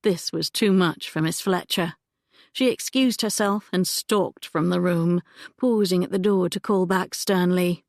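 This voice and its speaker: A woman with a lowish voice narrates an audiobook in a measured, even manner. She is close to the microphone, and there is no echo.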